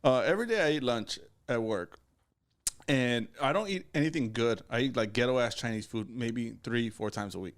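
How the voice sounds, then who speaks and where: A man co-hosting a podcast in a loose, joking chat. His voice sits at a middle pitch, and he laughs often and drifts into crude humor. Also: moderate pace. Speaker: podcast co-host. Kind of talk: casual chat.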